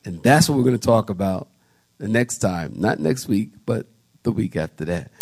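A man's voice: lowish voice, moderate pace, breathy edge. A male pastor preaching a sermon in a church, acting out little quotes as he tells stories. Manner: animated storytelling preacher, acts out quotes. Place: church sanctuary.

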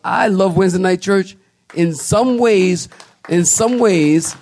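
Male pastor, slightly high voice, lively sermon delivery with acted-out asides. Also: slow, a little hiss or hum. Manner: animated storytelling preacher, acts out quotes. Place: church sanctuary.

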